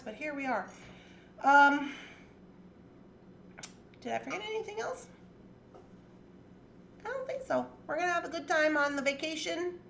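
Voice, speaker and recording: Some hiss or hum sits under the high voice of a woman running a jewelry-making livestream from her craft space at home. Her casual chat is playful and talkative, with plenty of laughter.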